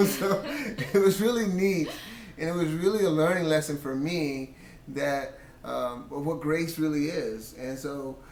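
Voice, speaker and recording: A man with a slightly high voice tells a faith story about his marriage in an earnest, storytelling way. He quotes himself and his wife as he goes. The room is echoey, with a faint hum of ambience behind him. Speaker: husband sharing testimony. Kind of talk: casual Christian testimony.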